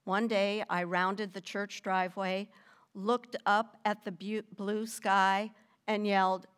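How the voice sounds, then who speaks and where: An older woman reading her personal faith testimony in a measured, deliberate storytelling manner with gentle emphasis. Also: medium pitch, level tone, clean tone.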